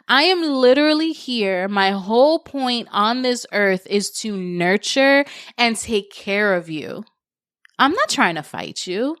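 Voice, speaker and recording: Young adult woman, podcast host, smooth voice, dry close sound, earnest advice, casual talk. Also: medium pitch, normal speed, dry recording. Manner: earnest, advice-giving, animated when recounting.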